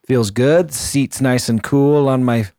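A man's voice: mid-range voice, fairly even intonation, takes it slowly, dark tone, dry recording. A man hosting a casual morning radio show from the studio, upbeat and jokey, talking in short punchy bits.

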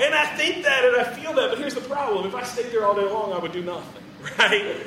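A man preaching an animated, playful sermon to students, acting out the people in his story. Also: sits high, a little fast, few pauses, a little hiss or hum. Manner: animated, playful, acts out quotes. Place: large room with audience. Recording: roomy hall, distant from mic.

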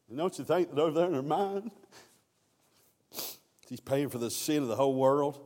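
A man's voice: on the high side, expressive, a little slow, long pauses, darkish tone. Male preacher, narrative sermon delivery, echoing hall. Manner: storytelling preacher who voices biblical quotes. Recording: long hall reverb.

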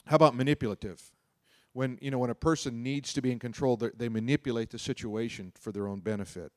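A man's voice: medium pitch, fast, a little mellow, no echo, clean studio sound. A middle-aged man preaching a sermon in a loose, conversational storytelling way, often repeating himself and adding asides. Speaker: pastor. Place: church auditorium.

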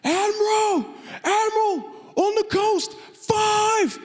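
A man voicing a frantic male lookout who shouts warnings from a crow's nest in a high, strained voice. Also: slow pace, in a large hall. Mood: panicked. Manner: yelling in alarm.

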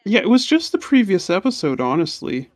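A woman's voice: medium pitch, big pitch swings, a little fast, darkish tone, dry recording, clean studio sound. A young woman co-hosting a casual podcast, describing anime scenes earnestly and with feeling. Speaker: podcast co-host. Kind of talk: casual anime recap chat.

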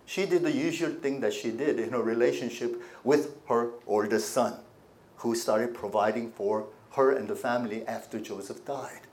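A pastor with a mid-range voice preaches a sermon at a normal speed in a conversational style. He poses rhetorical questions to listeners and moves between quiet asides and emphatic points.

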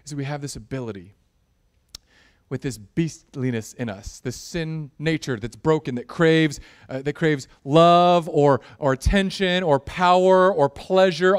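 Guy preaching, smooth voice, jokey and animated, gets worked up. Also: fairly high pitch. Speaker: pastor. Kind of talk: sermon.

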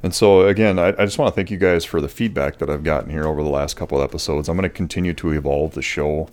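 A man's voice: a bass voice, fast talker, faint music behind. A man hosting a solo podcast in casual, rambling talk with many fillers, in a voice he says people find soothing. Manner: relaxed, rambling, with frequent fillers and restarts. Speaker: podcast host.

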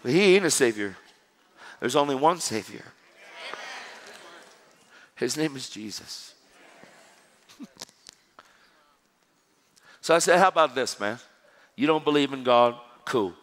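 A man preaching a sermon, telling a story in a lively, joking way and acting out the dialogue. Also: medium pitch, slow, pauses often, big-room sound. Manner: animated, jokey, acts out dialogue.

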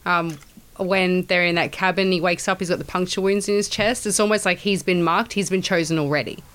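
A woman's voice: on the low side, fairly even intonation, fairly bright tone. Chatty woman guest swearing casually. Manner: chatty, quick agreements, swears casually, laughs often. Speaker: podcast guest. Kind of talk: casual movie review chat.

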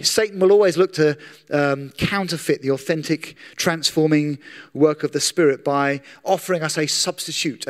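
A man preaching a sermon to his congregation in an earnest, conversational way, slowing down to stress key words. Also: fairly high pitch, a bit bright. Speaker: pastor. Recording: long hall reverb.

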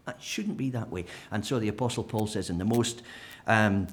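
A man preaching a sermon, animated and humorous, acting out the voices of imagined people. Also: lowish voice, normal speed. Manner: animated, acts out imagined speakers with humour.

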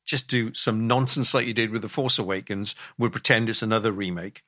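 Male podcast host, wry award presenter, bright tone. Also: fairly low pitch, a little fast, no room sound, clean studio sound. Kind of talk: casual film chat.

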